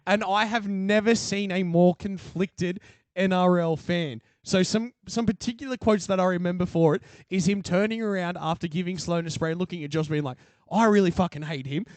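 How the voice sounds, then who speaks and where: High pitched aussie bloke yarning and cracking up, dry close mic. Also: male voice, normal speed, dry recording. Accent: Australian. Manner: joking storytelling, swearing and laughing. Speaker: podcast host. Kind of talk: casual chat. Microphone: studio mic.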